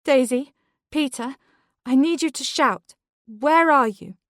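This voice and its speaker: A woman's voice: on the high side, a little slow, darkish tone, dry recording, clean studio sound, pitched above the performer's own voice. A woman voicing a frantic injured mother. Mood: urgent. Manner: urgent, strained pleading. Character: injured, desperate mother searching for her children. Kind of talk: audiobook character voice.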